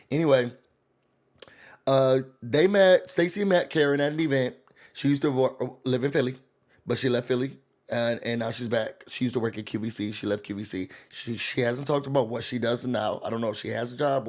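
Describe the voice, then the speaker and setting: Man, reality TV recap host, sassy, animated, mid-range voice. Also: mid-range voice, moderate pace. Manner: sassy, animated, quotes cast members in voices. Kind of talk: casual commentary.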